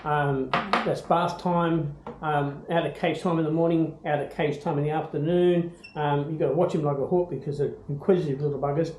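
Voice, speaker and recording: An older Australian man chatting casually about his pet bird, rambling with many ums and breaking into high baby-talk. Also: steady tone, normal speed, few pauses, a little mellow, reverberant, a little hiss or hum, low-quality recording. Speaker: bird owner. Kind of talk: casual home video chat.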